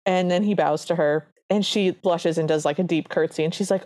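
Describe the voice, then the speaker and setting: A woman's voice: lowish voice, brisk, few pauses. A woman co-hosting a podcast, casually recapping a film and acting out its lines as she retells the scenes. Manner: animated retelling, quotes characters in a lightly changed voice. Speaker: podcast co-host.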